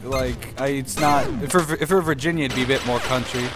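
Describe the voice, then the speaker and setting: A man's voice: medium pitch, fast talker. A young American man chatting casually about games, rambling with lots of fillers and laughing often. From United States. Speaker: channel host. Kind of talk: casual gaming chat. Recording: music underneath.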